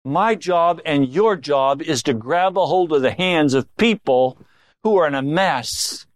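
A middle-aged male pastor preaching a sermon, swinging between low intimate tones and raised emphatic lines. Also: lively intonation, unhurried, no echo, clean studio sound.

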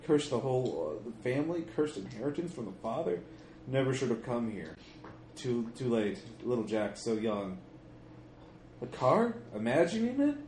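A man's voice: mid-range voice, sing-song, normal speed, darkish tone, natural voice. A man reading aloud a note in the voice of a grief-mad middle-aged father, haunted and guilty, in broken, fragmented phrases. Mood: distraught. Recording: echoey room with faint noise.

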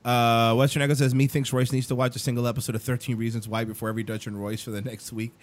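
A man's voice: mid-range voice, flat delivery, quick pace, no echo. A young adult man hosting a casual talk show, ranting emphatically and swearing often. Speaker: show host.

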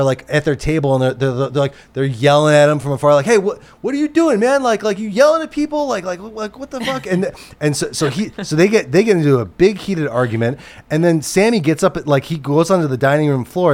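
A man's voice: a little high, darkish tone. A man who works as a TV producer, telling a story in casual chat, rambling with many restarts and fillers and swearing freely.

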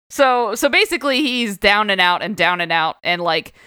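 A woman's voice: mid-range voice, animated, a little slow, bright, forceful tone, smooth, no room sound, studio quality. A woman co-hosting a podcast, chatting casually about a comic book, laughing often and swearing, acting out the lines of the people in the story. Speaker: podcast co-host.

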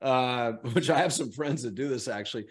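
A middle-aged man, a guest in an interview, telling an animated story and acting out the people in it. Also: mid-range voice, normal speed.

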